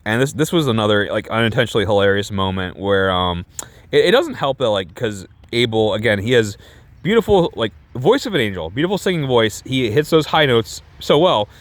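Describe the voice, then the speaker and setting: A man's voice: fairly low pitch, big pitch swings, fairly quick, no echo. A man reviewing a movie in casual, rambling chat, sarcastic and profane, often restarting his sentences.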